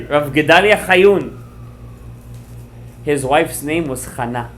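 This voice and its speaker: A fairly high-pitched man teaches a Torah class, his voice rising and dropping as he acts out a story. He checks words with his listeners and mixes Hebrew terms into his speech. A faint hiss sits under the voice. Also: takes it slowly, long pauses. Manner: animated storyteller, acts out quoted lines, checks words with the audience.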